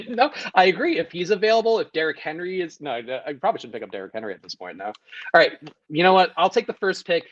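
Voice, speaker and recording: A man co-hosting a casual sports podcast, talking quickly and laughing a lot. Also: on the high side, highs cut off. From Sicilian family background. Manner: laughs often, fast and animated. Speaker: podcast co-host. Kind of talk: casual chat.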